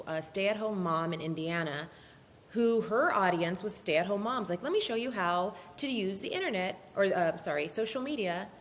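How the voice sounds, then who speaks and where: A woman speaking as a guest in a casual interview, animated and candid, swearing freely. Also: mid-range voice, big-room sound, slight background noise. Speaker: law firm owner, podcast guest.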